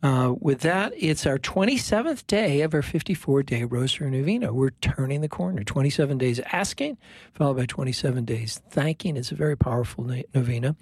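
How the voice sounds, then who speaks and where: A male priest hosts a radio prayer show in a calm, unhurried way. His voice is a little husky, and it is recorded dry and close with no room sound. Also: medium pitch, no room sound.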